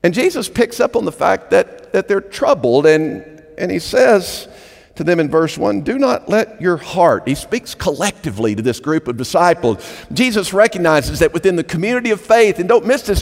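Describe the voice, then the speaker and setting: A man preaches in a church sanctuary, his voice sitting a little high and rising and falling with lively swings. There is a gravelly rasp at the ends of his phrases, and he presses his points by repeating words. A long reverb from the hall trails behind each line. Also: normal speed. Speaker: pastor. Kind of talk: sermon.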